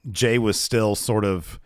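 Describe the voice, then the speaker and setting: A man co-hosting a casual wrestling podcast, talking excitedly with many fillers and restarts. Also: fairly low pitch, slow pace, no room sound, clean studio sound. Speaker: podcast co-host. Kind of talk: casual wrestling recap chat.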